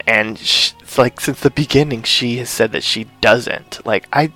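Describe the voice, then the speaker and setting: A man co-hosting a podcast, casually recapping a TV episode and acting out the characters' lines in quick, playful voices. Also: medium pitch, bright, forceful tone, soft background music. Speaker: podcast co-host.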